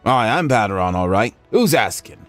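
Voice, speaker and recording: A man voicing a brash, gruff middle-aged tavern keeper in a game, with a rough, slangy attempted Cockney accent. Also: on the low side, big pitch swings, normal speed, soft background music. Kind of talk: reading game dialogue aloud on a stream.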